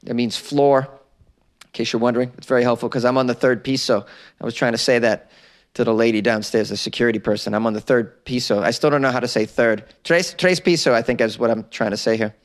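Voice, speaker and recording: Speaking fast in a steady tone at medium pitch, this American podcast host runs a comedy news show from a small closet. He works through strange stories with sarcastic remarks and chuckles at his own gags.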